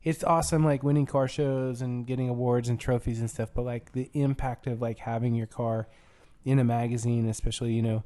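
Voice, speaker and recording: A man's voice: medium pitch, fairly even intonation, a little fast, mellow. A man hosting a podcast, asking questions in a loose, casual way full of fillers. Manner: loose, filler-heavy talk. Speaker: podcast host. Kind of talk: casual chat.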